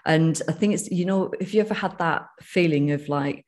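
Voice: mid-range voice, moderate pace, a little mellow. A speaker with a northern English accent in a casual podcast chat, rambling with frequent restarts and fillers.

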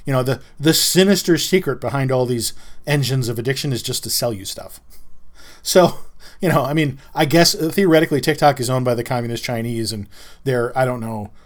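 A man's voice: mid-range voice, fairly quick. A middle-aged man hosting a podcast, telling a story in a casual, wry and rambling way that often doubles back on itself. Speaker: podcast host. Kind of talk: casual monologue.

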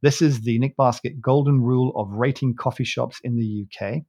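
A man's voice: mid-range voice, normal speed, mellow, slightly rough. A man co-hosting a podcast, chatting casually in a rambling way, often restarting and correcting himself with a chuckle. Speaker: podcast co-host. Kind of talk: casual chat.

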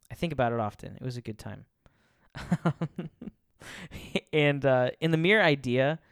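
A man's voice: mid-range voice, clean tone, dry recording, studio quality. A man giving a casual faith talk. He chuckles often and rambles, restarting his sentences.

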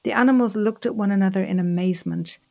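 Expressive woman telling a folk tale. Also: mid-range voice, fast, creaky. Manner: expressive, dramatic. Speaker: storyteller, story coach. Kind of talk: storytelling narration.

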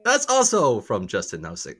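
A man's voice: mid-range voice, huge pitch swings, normal speed, over music. Jokey male podcast co-host. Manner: jokey, crude, slips into silly voices. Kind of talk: casual chat.

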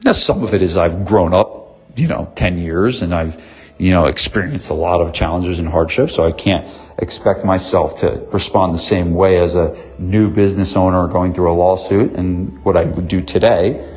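Man, 30s, gym owner; husky, lowish voice; earnest motivational talk with repeated points. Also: steady tone, moderate pace. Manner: earnest, repeats himself for emphasis. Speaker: gym owner and business coach.

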